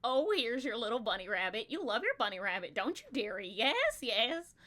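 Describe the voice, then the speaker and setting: A woman's voice: on the high side, sing-song, normal speed, sharp tone. A woman putting on a cooing old goblin crone. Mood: wheedling. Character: cackly old female junk goblin.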